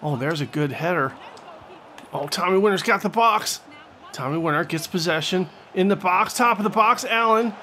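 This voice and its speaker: A man giving jokey, excitable play-by-play commentary on a football video game, rising loud when the action heats up. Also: high-pitched, moderate pace, a little hiss or hum. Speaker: gaming channel host.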